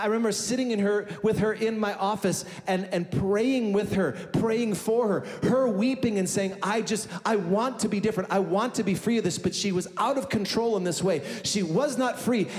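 A man preaching a sermon as pastor, telling a story emphatically and building to fervent declarations. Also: sits high. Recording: echoey hall with soft music.

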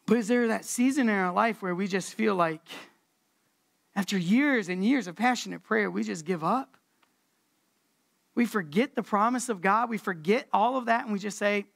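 A woman preacher giving a casual, conversational sermon, relaxed and slangy, repeating words for emphasis. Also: medium pitch, moderate pace, gravelly, long pauses.

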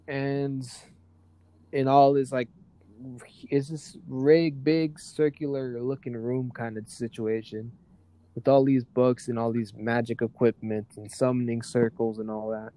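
A man's voice: mid-range voice, flat delivery, measured pace, warm tone. A man narrating a tabletop role-playing game as game master, loose and rambling with many fillers.

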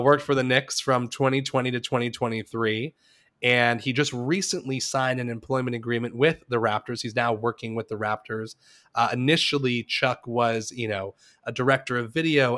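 A man's voice: medium pitch, steady tone, normal speed, a bit bright. A man co-hosting a casual podcast, laying out a news story in a hesitant, self-deprecating way with plenty of fillers. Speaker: podcast co-host. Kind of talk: casual chat.

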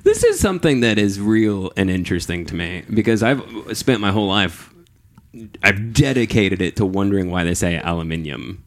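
A man's voice: low voice, lively intonation, normal speed. A man co-hosting a podcast, chatting in a self-mocking way with lots of laughter. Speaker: podcast co-host. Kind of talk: casual chat.

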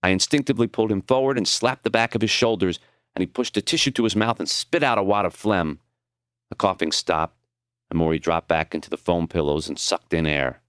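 A man narrating his own audiobook in an expressive, reflective reading. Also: deep voice, fairly quick, clear, resonant tone, no echo, clean studio sound.

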